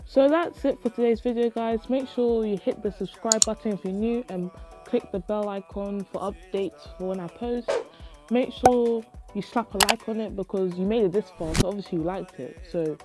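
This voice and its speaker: A woman's voice: mid-range voice, moderate pace, music in the background. A young woman telling a story to her vlog audience, dramatic and swearing, acting out her own reactions. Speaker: YouTube vlogger. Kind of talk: animated storytime retelling.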